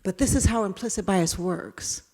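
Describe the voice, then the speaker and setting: A woman speaker giving a talk, telling a personal story with animated voices for herself and others. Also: medium pitch, moderate pace. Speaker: keynote speaker. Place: large hall. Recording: reverberant hall.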